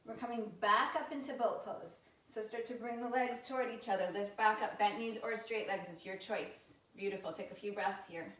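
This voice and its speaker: A yoga teacher in her thirties talks students through poses and breaths, mixing calm cues with candid, chatty asides. Her medium-pitched voice sits a little back from the mic, with a roomy echo around it. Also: moderate pace, hardly any pauses. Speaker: yoga instructor. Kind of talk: live yoga class instruction. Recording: roomy sound from a distance from the mic.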